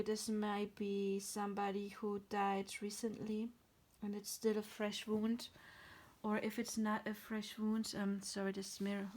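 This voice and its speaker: Slow, near-tearful woman tarot reader. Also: medium pitch. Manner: soft, halting, often drops to a whisper. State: near tears. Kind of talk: pick-a-card tarot reading.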